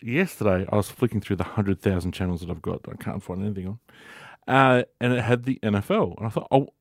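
Deep-voiced Australian man joking around. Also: no room sound, clean studio sound. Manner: joking banter with quick teasing quips. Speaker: podcast co-host. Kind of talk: casual chat.

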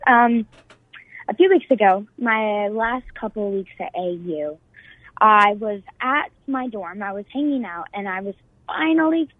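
A woman's voice: mid-range voice, dry recording, narrow, tinny audio. A young woman guest on a talk show, earnestly recounting a personal experience with frequent fillers and restarts. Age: young adult.

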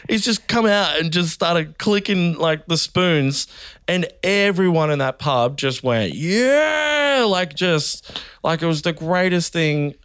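A man in his thirties with an Australian accent, a comedian guest telling animated stories in casual podcast chat, laughing often. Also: fairly high pitch, measured pace, clear, resonant tone, dry recording, clean studio sound.

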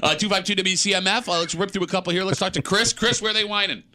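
A man in his forties hosting a morning radio show, teasing callers and co-hosts in a loud, excitable way. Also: high voice, fast talker. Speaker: radio host.

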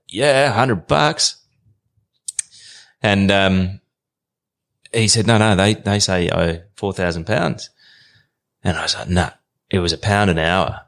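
An Australian man in his thirties, a podcast guest telling an animated story in casual slang. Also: low-pitched, moderate pace. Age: 30s. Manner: animated, colloquial yarn-spinner.

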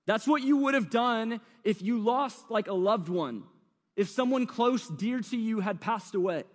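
A man's voice: sits high, a little slow, in a large hall. A man preaching a sermon, retelling the story in a casual, slangy, conversational way.

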